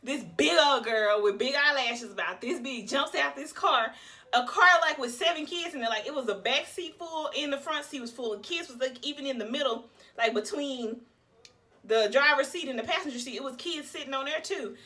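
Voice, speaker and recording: A young woman tells a personal story straight to her viewers. Her voice sits high and sounds bright. She keeps the telling chatty and animated. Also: moderate pace. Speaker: vlogger. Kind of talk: casual storytelling to camera.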